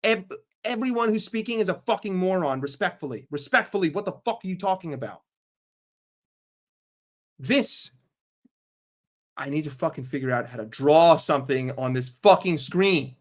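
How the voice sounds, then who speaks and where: A man's voice: fairly high pitch, animated, normal speed, pauses often. A man hosting a football fan channel, giving a heated, profane and sarcastic rant. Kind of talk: casual ranting commentary.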